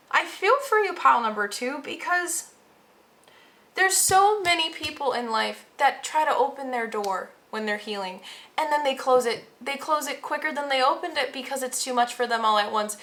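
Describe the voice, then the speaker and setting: A woman with a bright, forceful voice pitched a little high reads tarot straight to her viewers. She talks casually and earnestly, drops slang and leans hard on her encouragement. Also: expressive, normal speed. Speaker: tarot reader. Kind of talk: pick-a-pile tarot reading to viewers.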